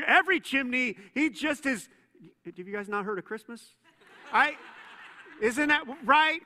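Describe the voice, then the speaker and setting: A man preaching a sermon as a pastor, conversational and playful, telling stories with quick asides. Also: extremely high pitch, lively intonation, bright, forceful tone. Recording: long reverb in a church hall.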